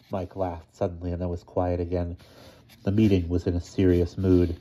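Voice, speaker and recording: Man reading a story out loud, low and mellow, steady pace, kinda muffled lo-fi sound. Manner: steady, measured narration. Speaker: story reader.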